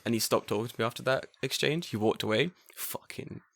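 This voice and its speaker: A man's voice: medium pitch, brisk, gravelly, dry recording, clean studio sound. A young man from England, hosting a casual podcast and telling stories animatedly, swearing freely. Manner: animated storyteller, swears freely, acts out quotes. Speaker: podcast host.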